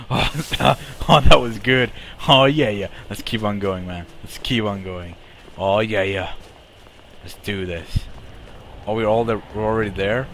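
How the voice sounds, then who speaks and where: A man's voice: on the low side, expressive, slow, long pauses, a bit bright, slight background noise. Cocky young man streaming a game. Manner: cocky, boastful, swearing banter. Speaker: live streamer. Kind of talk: live gameplay commentary.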